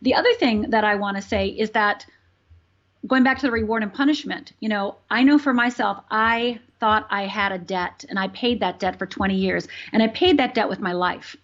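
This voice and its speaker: A woman's voice: mid-range voice, moderate pace. A woman who grew up in Upper Michigan, a life coach telling her own story as an interview guest, earnest and emphatic, repeating phrases for weight. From Upper Michigan, USA. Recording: dull lo-fi sound.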